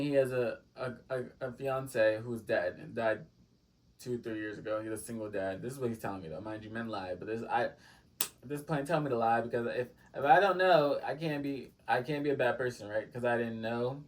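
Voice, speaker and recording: A man's voice: medium pitch, a little fast, far from the mic. Rambling man telling a story, a bit off-mic. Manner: rambling, lots of "like" fillers, dramatic asides to viewers. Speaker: storytime vlogger. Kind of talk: casual storytime chat.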